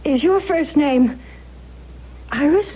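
An actress playing a curious, stubborn young tenant who questions and accuses in a 1970s radio drama. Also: female voice, sits high, expressive, takes it slowly, highs cut off. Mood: probing. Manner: curious, then probing and accusing.

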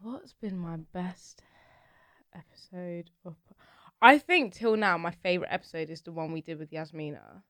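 A woman's voice: lowish voice, moderate pace, a bit bright, no echo, studio quality. A young woman from England co-hosting a podcast in casual chat, giggly and swearing casually. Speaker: podcast co-host.

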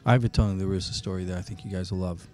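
Podcast host guy, low mellow voice, animated storyteller, swears a lot. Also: rapid-fire. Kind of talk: casual chat and anecdote.

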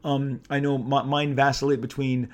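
A middle-aged man from Southern California, a comic book artist telling a casual anecdote, animated and rambling, with lots of fillers and restarts. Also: medium pitch, moderate pace.

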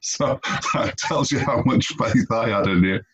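A man's voice: mid-range voice, a little slow, over a noisy crowd. A man, a radio cricket commentator chatting on a podcast in a wry, self-deprecating way. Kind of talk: casual podcast chat. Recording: dull lo-fi audio.

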